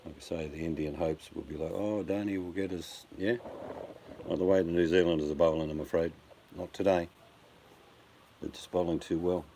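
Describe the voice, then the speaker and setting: A man's voice: low voice, flat delivery, fairly quick, long pauses, dark tone. An older Australian man chatting casually on a live stream, blunt and joking, addressing his viewers by name. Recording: faint background noise.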